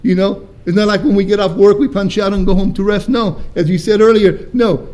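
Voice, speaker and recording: A pastor preaching a sermon with emphatic, deliberate stresses and rhetorical questions to his congregation in church. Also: sits high, steady tone, darkish tone.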